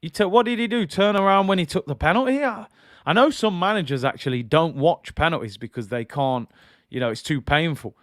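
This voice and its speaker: A man's voice: fairly high pitch, a little fast, a bit bright, no room sound, studio quality. A man hosting a football channel, giving casual fan commentary in a chatty, incredulous way and often apologizing.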